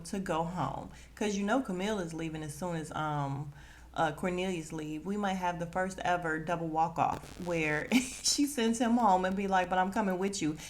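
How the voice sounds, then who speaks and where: A woman hosting a podcast, recapping a reality dating show in a sassy, animated way. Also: on the low side. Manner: sassy, animated, quotes cast members with attitude. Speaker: podcast host.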